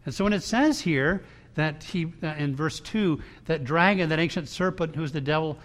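A man's voice: a little high, moderate pace, fairly bright tone. A man preaching a sermon to his congregation in a conversational style, with frequent restarts and emphatic quoted lines. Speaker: pastor. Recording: long hall reverb.

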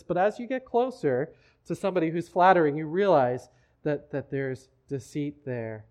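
A man's voice: fairly high pitch, normal speed, a little mellow. A man preaching a sermon in a church, talking in a conversational way with frequent restarts. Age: adult, married. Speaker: pastor.

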